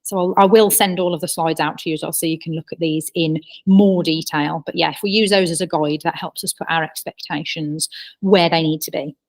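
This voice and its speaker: A woman's voice: deep voice, fairly even intonation, a little fast. A woman in her thirties presenting a parenting webinar, chatty and explanatory, with personal stories. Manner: chatty, explanatory, with personal anecdotes and acted quotes. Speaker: childcare trainer.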